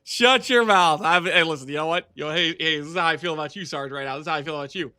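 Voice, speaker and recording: A man streaming a game live, chatting casually with viewers in an excitable, teasing way and laughing often. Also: a little high. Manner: excitable, teasing, quick to laugh and banter with chat. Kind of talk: casual live gameplay commentary to chat.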